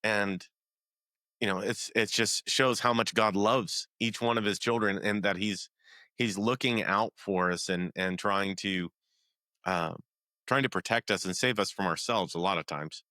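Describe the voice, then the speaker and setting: A man with a fairly low, bright voice hosts a faith podcast and speaks earnestly, pausing often to gather his thoughts. The recording is dry and close. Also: no echo. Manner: earnest, reflective, with pauses and fillers. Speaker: podcast host. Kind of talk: casual faith podcast chat.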